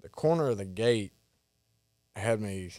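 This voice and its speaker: A man's voice: lowish voice, expressive, measured pace, darkish tone, no room sound, clean studio sound. A man telling rodeo stories in a plainspoken, drawling way, swearing casually. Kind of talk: casual storytelling chat.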